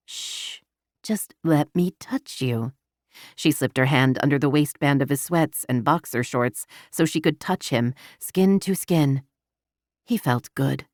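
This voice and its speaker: Brief: female audiobook narrator, low voice, dry close studio sound, even intimate delivery. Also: a little slow, no echo. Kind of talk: scripted romance narration.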